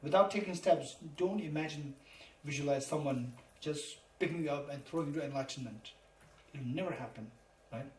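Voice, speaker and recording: A man's voice: a little high, fairly quick, a little mellow. Man teaching in a roomy hall. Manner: emphatic and repetitive, spells terms letter by letter. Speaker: Buddhist teacher. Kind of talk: dharma lecture. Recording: roomy, distant mic, faint noise.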